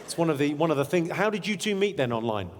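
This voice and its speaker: A man's voice: fairly high pitch, very animated, quick pace, very noisy. A man doing stand-up crowd work, teasing audience members in a brash, profane way. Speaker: stand-up comedian. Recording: live show in a large hall with loud crowd.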